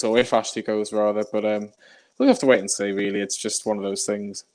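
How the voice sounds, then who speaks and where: A man guesting on a live stream, speaking bluntly and quickly. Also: lowish voice, flat delivery. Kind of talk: casual live stream chat.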